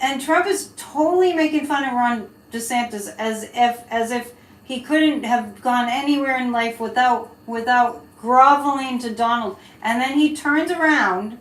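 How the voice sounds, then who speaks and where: A woman's voice: fairly high pitch, a bit bright. Chatty woman reading tarot live. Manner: chatty, laughing, rambling asides to chat. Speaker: psychic reader hosting a live stream. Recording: echoey room, faint background hiss.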